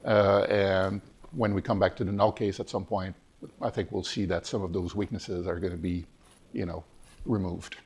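A man lecturing on physics in a seminar discussion, hoarse and hesitant, with many fillers and restarts. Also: low voice, fairly even intonation, moderate pace, darkish tone, slight background noise. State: hoarse, losing his voice.

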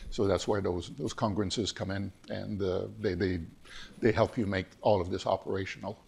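A man lecturing on physics in a seminar discussion, hoarse and hesitant, with many fillers and restarts. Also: low voice, fairly even intonation, normal speed, darkish tone, a little hiss or hum. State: hoarse, losing his voice.

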